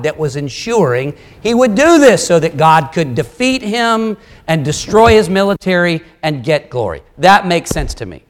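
A man preaching a sermon, reading scripture and explaining it with lively, conversational asides. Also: a little high. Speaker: pastor.

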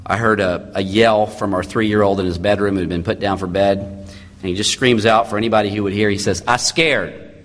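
Preaching pastor in an echoing hall. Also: male voice, fairly low pitch, brisk. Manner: animated, shifting between loud emphasis and quiet intimate tones. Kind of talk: sermon.

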